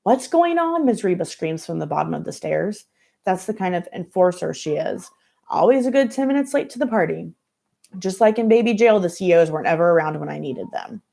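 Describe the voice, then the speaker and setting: A woman reads a novel aloud to students in dry, measured first-person narration. Her voice is low and gravelly, with a dark, mellow color. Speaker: reader of a novel for school students.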